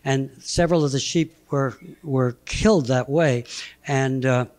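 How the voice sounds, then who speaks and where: Halting, chuckling old man telling stories. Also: mid-range voice, a little mellow. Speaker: guest speaker presenting slides. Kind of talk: anecdotal lecture.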